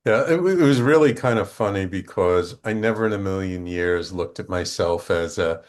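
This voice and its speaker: A middle-aged man with a fairly low voice speaks as a podcast guest. He tells stories in a loose conversational way, slipping into the voices of the people he quotes and often restarting his sentences. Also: normal speed. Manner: animated storytelling, acts out quoted dialogue, frequent restarts. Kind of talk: conversational storytelling.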